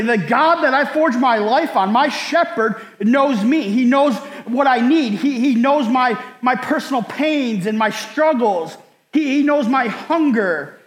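A man delivers a sermon in an earnest, deliberate way, often doubling his words and checking in with "right?". His voice sits high and moves at an unhurried pace. The sound is roomy, with a long reverb that points to a large church sanctuary. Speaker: pastor. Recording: echoey hall, long reverb.

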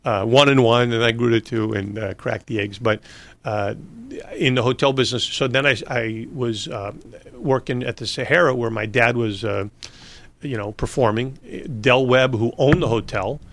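A man in a relaxed conversation, spinning long anecdotes with plenty of restarts and chuckles. His voice sits at an ordinary middle pitch. He talks freely and at length, one story leading into the next. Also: normal speed. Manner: rambling anecdotes with laughs and restarts. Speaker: interview guest. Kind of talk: casual storytelling.

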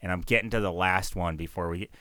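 A man's voice: sits low, fairly even intonation, fast talker, fairly bright tone, no echo. A young man chatting casually, telling funny stories, swearing and acting out quotes. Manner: storytelling, swears, acts out quotes. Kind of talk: casual chat.

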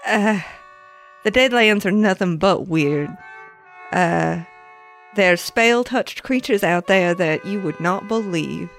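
A woman voices her traveling character at a tabletop game session, chatty and quick to laugh. Her voice has a creaky, gravelly edge, with faint music playing behind. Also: medium pitch. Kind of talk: in-character role-play.

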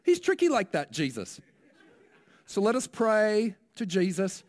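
A bumbling, cheerful funeral minister with a New Zealand accent, as a preacher puts him on. His voice sits high and carries loudly, with a sing-song, earnest lilt. He is well-meaning and a little clueless. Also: wildly swooping pitch, unhurried, exaggerated voice. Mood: goofy preaching. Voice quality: high, bright, loud, sing-song delivery.

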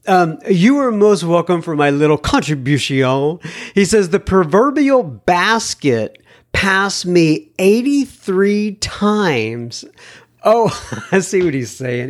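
Laughing man reading listener mail. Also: fairly high pitch. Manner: warm, amused, laughs often, lifts his voice to read quotes. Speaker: podcast host. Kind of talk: casual solo podcast, reading a listener email.

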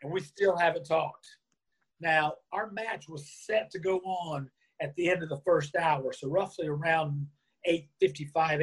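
A man being interviewed, telling a lively anecdote and acting out the lines of the people in it. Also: fairly high pitch, breathy edge. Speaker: interview guest. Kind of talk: storytelling in a conversation.

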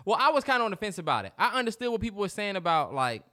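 A man's voice: high voice, very animated, rapid-fire, bright, forceful tone. A man co-hosting a podcast, talking in a laid-back, slangy way and teasing his co-host. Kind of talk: casual chat.

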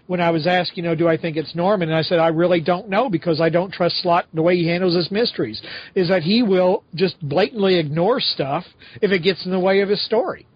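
A middle-aged man co-hosting a casual podcast, talking in animated, exasperated rants. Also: sits high, fairly quick, husky, no echo. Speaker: podcast co-host. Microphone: home podcast microphone. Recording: slightly dull lo-fi audio.

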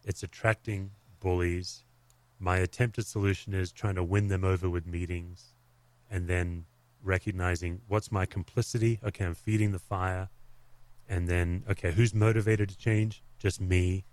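A man with a low-pitched voice talks through his own experiences in a candid, reflective manner. His speech carries a pastor's easy conversational rhythm. The sound is dry and close, with no room echo. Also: steady tone, moderate pace, a little mellow. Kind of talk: podcast conversation.

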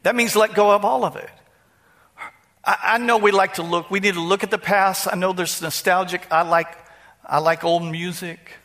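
A preacher with a high voice talks straight to his congregation. His tone is bright and cutting, and he stumbles and repeats words as he pushes his point. It is a church sermon in a casual, talking-with-you manner. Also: fairly even intonation, normal speed. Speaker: pastor.

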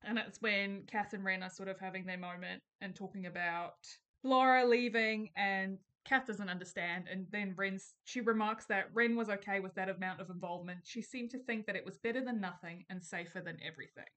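A woman sharing a personal reflection on a book podcast. Her voice is bright, and her delivery is earnest and thoughtful. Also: medium pitch, steady tone, a little fast, hardly any pauses. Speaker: podcast co-host. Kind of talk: casual chat.

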